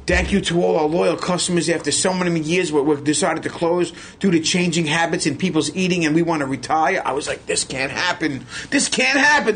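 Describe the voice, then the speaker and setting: A man telling a long, excited story as a podcast guest, loud and profane as he acts out what people said. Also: on the high side, slight background noise. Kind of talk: animated storytelling.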